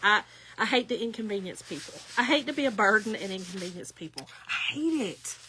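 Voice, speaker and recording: A middle-aged craft shop owner with a medium-pitched, bright, forceful voice talks a little fast and expressively, with slight background noise. During a chatty livestream demo, she rambles through stories to viewers while working with her hands.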